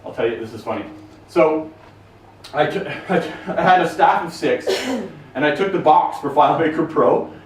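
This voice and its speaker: A man with a voice on the high side and lively intonation speaks at normal speed to a live audience in a conference room, answering questions with blunt, profane humor. Recorded from a distance, the audio is roomy with faint noise.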